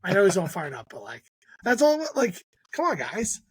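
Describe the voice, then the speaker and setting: Husky-voiced man, fired-up podcast co-host. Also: high-pitched, wildly swooping pitch, normal speed, no room sound. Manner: emphatic, critical rants with frequent restarts. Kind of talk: casual podcast chat.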